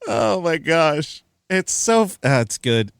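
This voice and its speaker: A man co-hosting a film review podcast, talking in a chatty, animated way with plenty of fillers. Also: on the high side, slow pace, creaky, clear, resonant tone, dry recording, clean studio sound. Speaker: podcast co-host. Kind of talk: casual film review chat.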